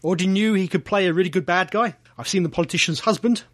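Guy reading out a listener email, bit husky, slightly high voice, dry sound. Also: fast, no room sound. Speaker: podcast co-host.

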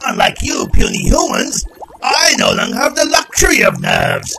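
A man voicing a tormented bodiless alien brain in a comedy audio sketch, giving slow booming outbursts of anguish. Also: animated. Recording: clear music behind.

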